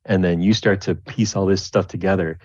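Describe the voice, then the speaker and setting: A very low-voiced man runs a tabletop game as game master, narrating in a loose, rambling way full of restarts and fillers. The recording is dull and lo-fi in a dry, close space. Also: fairly even intonation, brisk, darkish tone, no room sound. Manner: rambling, many restarts and likes.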